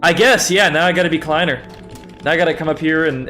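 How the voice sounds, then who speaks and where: A man's voice: fairly high pitch, steady tone, quick pace, pushed and bright, soft background music. A young man casually talking through a game on a livestream, chatty and self-mocking, swearing freely and laughing often. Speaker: streamer. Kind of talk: casual gaming livestream commentary.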